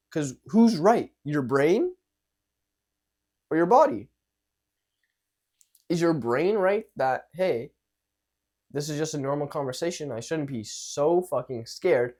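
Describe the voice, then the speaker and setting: A young man coaching social skills in a casual talk, animated and acting out nervous and confident examples, with some swearing. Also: on the high side.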